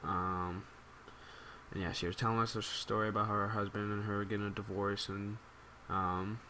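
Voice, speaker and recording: A man's voice: fairly low pitch, little pitch movement, normal speed, bright, forceful tone, a little hiss or hum. Rambling New guy telling a story. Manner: rambling, amused. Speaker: gaming YouTuber. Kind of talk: casual storytelling commentary.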